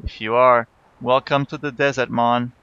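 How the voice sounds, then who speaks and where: A man's voice: mid-range voice, level tone, normal speed, a bit bright, clear, resonant tone, dry recording, muffled recording, natural voice. A man voicing a scheming, boastful male troll blood-mage with a put-on troll accent and an emphatic lilt.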